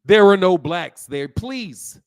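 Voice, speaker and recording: Male stream host with a high voice. Heated, slangy, repetitive lecturer answering chat. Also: lively intonation, slow, clear, resonant tone. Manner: heated, lecturing, loose slang, repeats himself. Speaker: livestream host. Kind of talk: casual livestream talk, answering chat.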